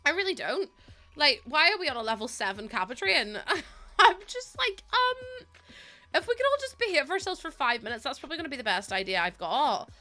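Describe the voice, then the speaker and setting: A woman's voice: sits high, big pitch swings, quick pace, pushed and bright, soft background music. A young woman from Northern Ireland with a Northern Irish accent, streaming live and chatting with her viewers while she plays. She giggles and gushes, close to tears with gratitude.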